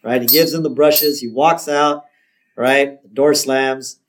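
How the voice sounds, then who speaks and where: Brief: male podcast co-host, mid-pitched, casual storytelling recap, keeps asking "right?". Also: steady tone, unhurried, slight background noise. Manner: retells scenes, often checks in with "right?".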